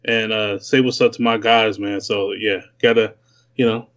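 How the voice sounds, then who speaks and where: A man's voice: fairly low pitch, flat delivery, moderate pace, fairly bright tone. A young man from Newark, California, guest DJ calling in, chatting casually in a laid-back, slangy way that repeats itself. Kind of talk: casual interview chat. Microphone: remote call from home. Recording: lo-fi remote call audio.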